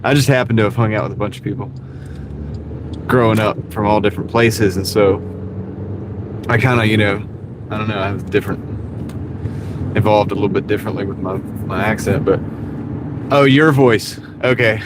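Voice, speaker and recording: A man's voice: on the low side, fairly even intonation, moderate pace, long pauses. A man with a Southern accent rambling casually to his live-stream viewers while he drives, easygoing and self-deprecating. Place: inside a car at night. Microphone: wireless clip-on mic. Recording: audible road and car noise. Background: car and road noise.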